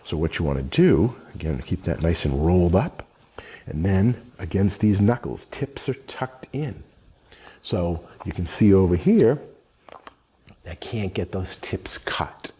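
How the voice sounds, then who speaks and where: A man's voice: deep voice, expressive, unhurried, mellow, husky. A middle-aged man giving a cooking demonstration lesson, explaining each step as he works with his hands. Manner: explanatory, talks through each step while working. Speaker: culinary instructor.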